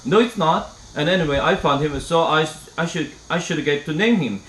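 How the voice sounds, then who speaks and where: A man reading aloud and voicing an excited young boy who begs his parents in a higher, whinier voice. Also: moderate pace, natural voice. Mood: pleading. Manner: whiny, begging, breaks into higher pitch. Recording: echoey room, faint hiss.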